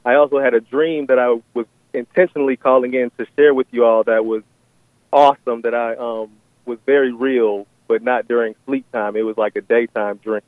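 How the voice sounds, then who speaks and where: A man's voice: medium pitch, steady tone, normal speed, no room sound. A man speaks over a tinny, dry phone line. He is calling in and tells a long vision, hesitant and full of ums and restarts. His voice sits in a middling register. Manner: hesitant, many fillers and restarts. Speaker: caller. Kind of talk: phone-in call sharing a vision. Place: on a phone call.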